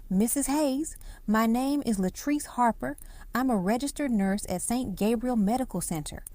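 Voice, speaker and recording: A woman voicing a calm, even-toned female ER nurse speaking professionally. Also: on the high side, moderate pace, no room sound, pitched above the performer's own voice, natural voice. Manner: even, professional phone manner.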